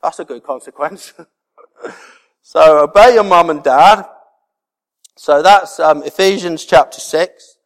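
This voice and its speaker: A man's voice: on the high side, slow, long pauses. A man preaching a sermon as pastor, earnest and repeating key words for emphasis. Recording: reverberant hall.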